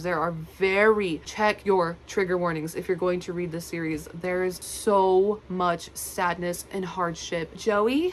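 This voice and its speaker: A woman's voice: lowish voice, slight background noise, rough recording. A young woman vlogging about her favourite books, gushing and repeating herself as she talks straight into her phone camera. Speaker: book vlogger. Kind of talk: casual enthusiastic book talk.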